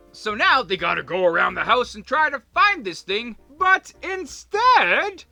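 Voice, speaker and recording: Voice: medium pitch, sharp tone. A host narrating a cartoon episode recap in a casual, jokey way, full of sarcastic asides and laughter.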